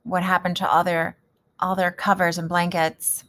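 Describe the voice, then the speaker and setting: A woman teaching a kindergarten reading lesson, gentle and encouraging, who asks the children questions and then answers them. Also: lowish voice, flat delivery, normal speed.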